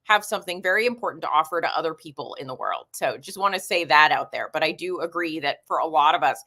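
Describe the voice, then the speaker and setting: A woman's voice: low-pitched, animated, quick pace, sharp tone. A woman in her forties hosting a casual livestream, chatting and reading viewer comments aloud. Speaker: livestream host.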